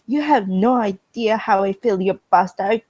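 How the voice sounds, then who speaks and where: A woman voicing a shrill, weepy male anime nation-character in a dramatic fan reading, loud and pleading. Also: moderate pace, no echo, natural voice, rough recording. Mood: anguished.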